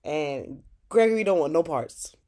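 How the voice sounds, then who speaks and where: Chatty woman with a mellow, low voice. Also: unhurried. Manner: chatty, animated, heavy use of "like". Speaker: channel host recapping a TV episode. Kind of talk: casual recap vlog.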